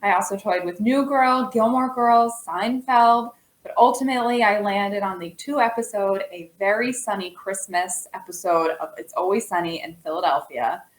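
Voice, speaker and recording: A woman co-hosting a casual TV recommendation chat, relaxed and conversational with some fillers. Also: medium pitch, moderate pace, few pauses. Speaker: co-host. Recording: echoey room.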